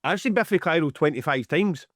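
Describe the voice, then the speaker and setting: A man's voice: a little high, animated, a little fast, no echo, clean studio sound. A Scottish man co-hosting a podcast in casual, sweary, teasing chat. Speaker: podcast co-host.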